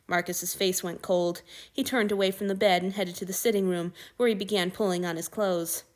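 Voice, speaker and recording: A woman narrating an audiobook reading of fan fiction in a steady storytelling manner. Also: on the low side, brisk, few pauses.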